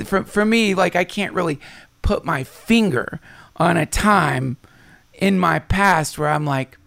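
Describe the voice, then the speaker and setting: A man's voice: high voice, takes it slowly, vocal fry, a bit bright, no echo. A man talking casually as a podcast guest, swearing freely and swinging his voice up and down as he voices his own thoughts.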